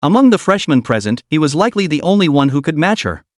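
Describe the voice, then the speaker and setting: A man narrating a fantasy story recap in a steady, dramatic storytelling manner. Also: on the high side, fast talker, no room sound, studio quality.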